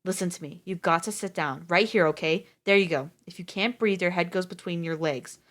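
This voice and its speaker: A woman voicing a calm nurse who speaks in a patient, soothing way. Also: on the low side, brisk, close to an everyday voice.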